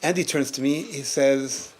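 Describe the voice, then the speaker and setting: A man, a rabbi, telling a story at a community gathering, animated, often laughing and repeating words as he goes. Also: medium pitch, measured pace, a little hiss or hum.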